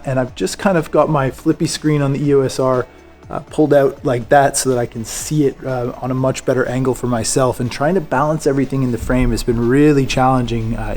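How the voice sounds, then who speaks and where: Chatty man vlogging in a stairwell. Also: mid-range voice. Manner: relaxed, chatty, many fillers. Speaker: photography vlogger. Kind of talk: casual vlog narration. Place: large indoor stairwell of a public building.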